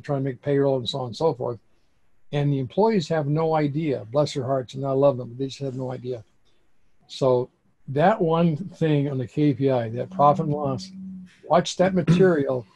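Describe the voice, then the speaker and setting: Man, accounting expert guest, gravelly voice, excitable storyteller. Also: mid-range voice, normal speed. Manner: excitable, dramatic storyteller with bursts of emphasis. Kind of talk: animated storytelling interview.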